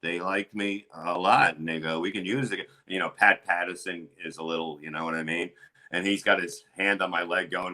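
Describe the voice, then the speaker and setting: A middle-aged man, a comedian, telling crude stories in a rambling, animated way with lots of restarts. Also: sits low, a little fast, rough recording. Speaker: comedian guest. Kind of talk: casual storytelling chat.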